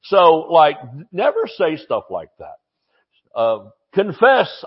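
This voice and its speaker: A man's voice: a little high, huge pitch swings, slow, breathy edge, highs cut off. A man preaching a sermon in a folksy, joking, emphatic way.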